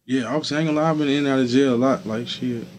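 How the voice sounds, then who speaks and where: A man's voice: mid-range voice, steady tone, very fast, a little hiss or hum. A young adult man, a guest in an interview, talking loosely with lots of fillers. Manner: laid-back, loose, with many fillers like "you feel me". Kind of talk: casual street interview talk.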